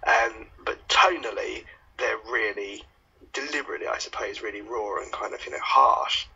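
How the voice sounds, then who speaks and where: Rambling male radio co-host, sharp raspy tone, muffled lo-fi sound. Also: lowish voice, moderate pace. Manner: rambling, stops and restarts mid-thought. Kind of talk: casual music review chat.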